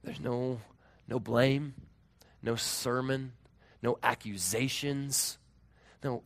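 A man in his thirties preaching a sermon as pastor, earnest, moving between raised emphasis and hushed, tender tones. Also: mid-range voice, fairly even intonation, slow pace, long pauses.

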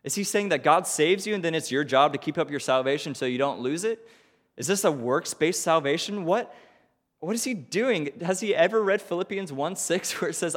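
A man preaching a sermon as pastor, animated and questioning, with quick rhetorical asides. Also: a little high, long reverb tail.

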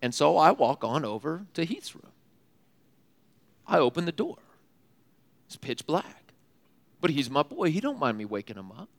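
A young man with a fairly high voice tells a story from the stage of a large hall, with a long echo trailing after each phrase. He talks in an animated, casual way, full of slang and quick laughs. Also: gravelly. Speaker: youth speaker. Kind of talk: storytelling sermon.

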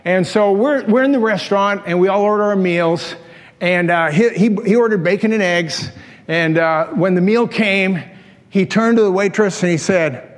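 A pastor in his 60s preaches a sermon in a folksy, self-deprecating storytelling style, chuckling at his own stories. His voice is high and moves at a moderate pace. The long reverb of a large church hall surrounds the recording.

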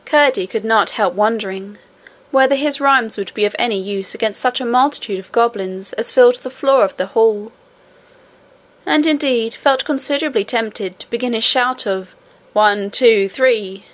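A woman reading a classic children's fantasy novel aloud in a measured, expressive narration. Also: fairly high pitch. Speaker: audiobook narrator. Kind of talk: scripted narration.

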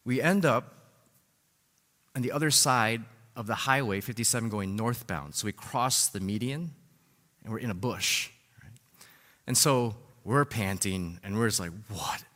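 A man in his thirties delivers a sermon, spinning a personal story in a loose, conversational way, checking in with "right?" and "like" as he goes. His voice sits at an ordinary pitch and rings out with a long hall reverb. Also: a little slow, long pauses. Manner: animated storytelling with many "right?" and "like". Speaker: pastor.

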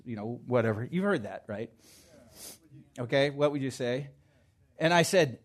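A male pastor preaches to his congregation in a voice on the high side, moving between quiet asides and loud, emphatic declarations.

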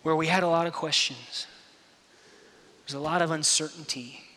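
Male pastor, sermon, impassioned and dynamic, sharp bright tone, reverberant hall. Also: on the high side, normal speed. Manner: impassioned, swings between hushed and loud.

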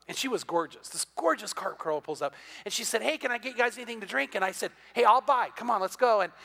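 A middle-aged man preaching a sermon, telling a story with a high, bright voice. He stumbles through quick restarts and acts out the voices of the people he describes. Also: vocal fry. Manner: animated storyteller, many repeated "and, and" restarts, acts out quoted voices. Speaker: pastor.

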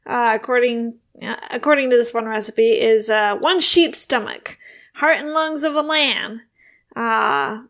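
A chatty woman with a somewhat high voice, giggling as she talks. She runs through lists in an easy, casual way, as if reading them off between laughs. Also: measured pace, a bit bright. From United States. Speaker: podcast co-host. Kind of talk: casual chat.

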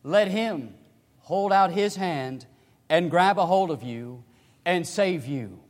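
A man preaching a sermon to his congregation. He swings between hushed, low passages and loud, emphatic cries. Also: expressive, slow pace. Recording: reverberant hall.

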